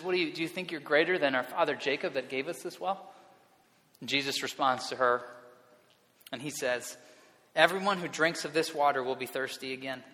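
Guy preaching a sermon, bright forceful voice, lots of hall echo, earnest, repeats himself. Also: a little high. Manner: earnest, repeats words as he restarts. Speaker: pastor. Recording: long reverb of a hall.

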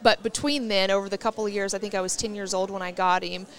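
A woman's voice: medium pitch, steady tone, fast. A woman hosting a casual podcast interview, chatty and enthusiastic, telling stories at length. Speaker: podcast host. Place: rodeo arena event.

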